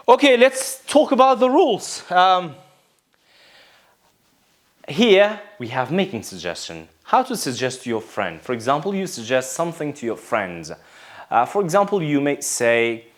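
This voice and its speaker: A male English teacher with Kurdish as his first language walks through a grammar and pronunciation lesson at an unhurried pace. His pitch rises and falls a lot as he repeats words and asks the class questions.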